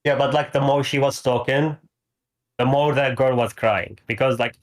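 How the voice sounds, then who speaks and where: A man's voice: medium pitch, fairly even intonation, moderate pace. A man calling into a stream, retelling events in a rambling, hesitant way and laughing often. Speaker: caller. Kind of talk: casual call-in retelling.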